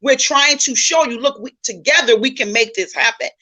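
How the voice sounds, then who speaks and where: A woman talks earnestly, often restarting as she searches for words. Her voice is bright and a little high. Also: moderate pace. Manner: affirming, earnest, with frequent restarts. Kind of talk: casual talk.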